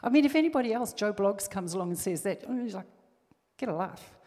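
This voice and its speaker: A woman's voice: medium pitch, expressive, fast, warm tone, big-room sound. A woman preaching a sermon, reading scripture and building to emphatic, fervent exhortation.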